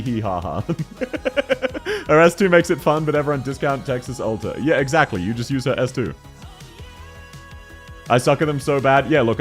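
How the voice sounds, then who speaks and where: Joking Australian man, lively high voice. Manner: joking, teasing, laughs often, swears, reads out chat. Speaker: game streamer. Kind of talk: casual live-stream chat while playing.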